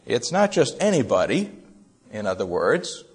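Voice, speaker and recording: A man preaching an expository sermon, speaking in a measured, deliberate way with frequent pauses. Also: medium pitch, very animated, breathy edge.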